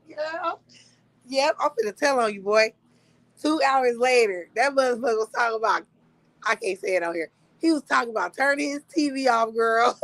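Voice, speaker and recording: A woman's voice: on the high side, normal speed, gravelly, no room sound, low-quality recording. A young woman hosting a livestream, telling a story casually, with frequent laughter, profanity. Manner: animated, profane, laughs often. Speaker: livestream host.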